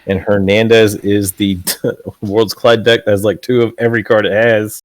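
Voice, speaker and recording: A man co-commentating a card game match in a relaxed, casual way, explaining the plays. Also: on the low side, normal speed, no room sound.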